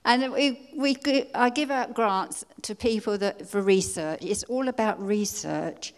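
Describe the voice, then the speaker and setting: An older woman from England speaks at a conference about her own life, earnest and pleading, often stumbling and restarting mid-phrase. Her voice sits at an ordinary middle pitch for a woman. The sound carries the long reverb of a large hall. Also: measured pace. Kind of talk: personal testimony speech.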